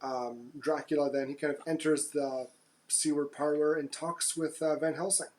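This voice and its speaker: A man co-hosting a podcast, recapping a movie plot in loose casual chat, with fillers and quick jokey asides. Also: on the high side, fairly even intonation, darkish tone. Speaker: podcast co-host.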